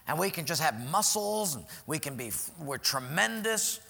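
Male pastor, high bright voice with gravel, animated sermon storytelling. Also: moderate pace, in a large hall. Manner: animated storytelling, swings loud and soft.

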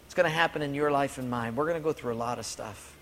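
A man's voice: medium pitch, fast, a bit bright. A man preaching a sermon, telling a personal story earnestly and repeating key lines for emphasis. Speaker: pastor. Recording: long hall reverb, faint room noise.

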